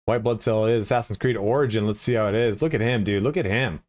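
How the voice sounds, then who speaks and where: A man's voice: lowish voice, quick pace, darkish tone, no echo, studio quality. A man chatting casually and profanely with viewers as a game streamer, rambling with lots of filler words.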